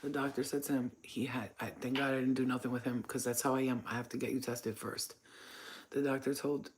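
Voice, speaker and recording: A woman's voice: a bass voice, fairly even intonation, brisk, a little hiss or hum. A woman hosting her own channel, telling frank, profane stories in a casual monologue. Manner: blunt, profane, frank storytelling. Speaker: channel host.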